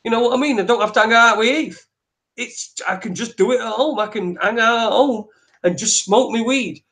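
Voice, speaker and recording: A man co-hosting a talk show, ranting in sweary, animated bursts with lots of restarts. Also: very high-pitched, a little fast. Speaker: podcast co-host. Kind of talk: ranting opinion chat.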